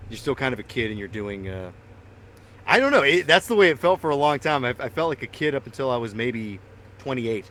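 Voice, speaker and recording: A man's voice: mid-range voice, sing-song, a little fast, a bit bright, a little hiss or hum. A man co-hosting a podcast, telling rambling, profane stories and laughing often. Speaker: podcast co-host. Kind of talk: casual chat.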